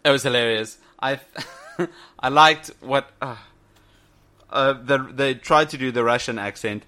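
Bright-voiced man joking about old games. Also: medium pitch, unhurried. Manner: joking, chuckling, repeats short phrases. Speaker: podcast co-host. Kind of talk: casual chat about a retro video game.

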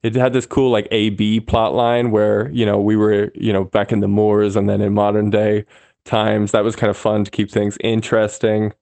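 A man's voice: on the low side, completely flat delivery, normal speed, vocal fry, mellow, no room sound. A man from Chicago, a caller leaving an easygoing, rambling recorded message.

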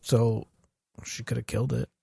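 A man's voice: medium pitch, normal speed, gravelly, dark tone, husky, dry recording, clean studio sound. A man co-hosting a casual podcast who jokes crudely and sarcastically. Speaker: podcast co-host. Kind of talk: casual chat.

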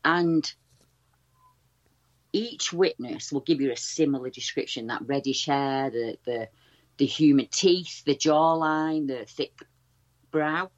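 A woman, a guest researcher retelling stories in a chatty, animated way with many restarts. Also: low voice, slow pace, pauses often, muffled recording. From England. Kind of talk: casual storytelling over a call.

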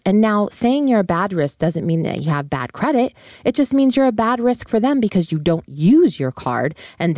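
Woman, low voice, chatty finance host, fillers and asides, dry close sound. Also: a little mellow, no echo. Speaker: podcast host on personal finance. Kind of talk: casual solo explainer.

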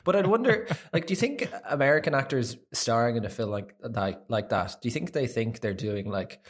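Excitable irish guy on a podcast. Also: a little fast. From Ireland. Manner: excitable, pitch jumps up when incredulous. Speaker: podcast co-host. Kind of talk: casual film-review chat.

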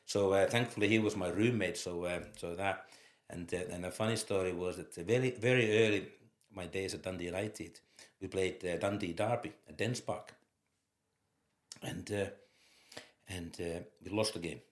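Low-voiced Finnish man telling stories. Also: normal speed. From Finland. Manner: lively storyteller, laughs through his anecdotes. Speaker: former footballer, guest. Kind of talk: anecdotal interview storytelling. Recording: roomy echo.

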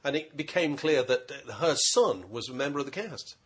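A man who works as a critic, telling an anecdote in casual chat with an expressive delivery. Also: on the high side, normal speed. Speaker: critic and broadcaster.

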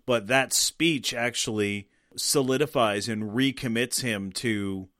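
A man co-hosts a casual film discussion, thoughtful and agreeable and quick to laugh. His voice is mid-pitched for a man, recorded dry and close. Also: a bit bright, no room sound. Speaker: podcast co-host.

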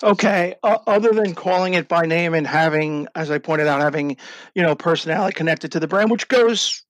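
High-voiced excitable man telling a story. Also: brisk, no echo. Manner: excited, with many stumbles and restarts. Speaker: guest, drink brand founder. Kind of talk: animated storytelling in a podcast interview.

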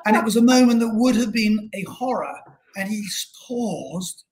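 A man's voice: high voice, expressive, moderate pace, darkish tone, slight background noise. A middle-aged man from England, a guest telling career stories in a rambling, self-deprecating way with many restarts. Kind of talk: casual storytelling interview.

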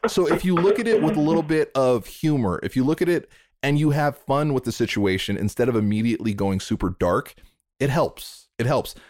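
A man hosting a podcast in casual interview chat, lively and acting out remembered dialogue with sudden jumps in pitch. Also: a little fast. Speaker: podcast host.

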